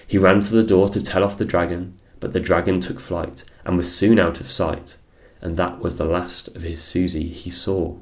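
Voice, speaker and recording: A man reading a children's picture book aloud, unhurried and expressive. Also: low-pitched. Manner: unhurried, expressive, sing-song storytelling. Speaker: storyteller.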